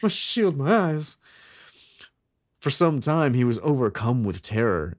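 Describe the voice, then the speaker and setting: A man's voice: medium pitch, big pitch swings, unhurried, dry recording, clean studio sound. A man co-hosting a casual chat, reading a folk tale aloud and acting out the quoted characters. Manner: reads aloud with theatrical voices for quoted characters. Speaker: podcast co-host.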